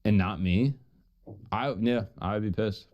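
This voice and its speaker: A man's voice: fairly low pitch, a little slow, dull audio. A man streaming while he retells an old myth in a casual, profane, joking way, full of asides.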